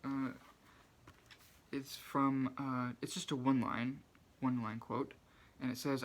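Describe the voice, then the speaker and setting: A soft-spoken man with a mid-range voice reads out favourite quotes from books and talks about why they matter to him. He is shy and hesitant, often stopping to restart a phrase and filling gaps with ums and uhs. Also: mid-range voice, flat delivery, takes it slowly. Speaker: book channel host. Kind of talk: reading quotes aloud and commenting.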